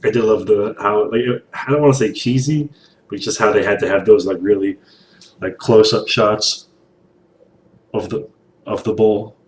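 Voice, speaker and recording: A young man in casual reaction commentary while painting, animated, rambling and swearing a lot, recorded on a distant mic in an echoey room with faint hiss. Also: fairly low pitch, moderate pace, long pauses. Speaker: reaction video host.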